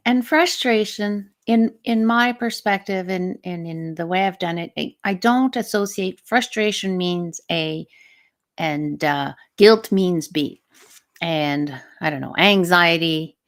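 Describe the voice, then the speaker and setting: A middle-aged woman, a stress management coach and teacher, talking through a live show in a reflective way and often asking the listener questions. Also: mid-range voice.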